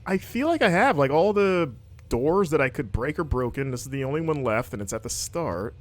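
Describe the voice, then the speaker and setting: On the high side, with lively intonation and a brisk delivery, this man jokes and chats casually while narrating the game he's playing on his livestream.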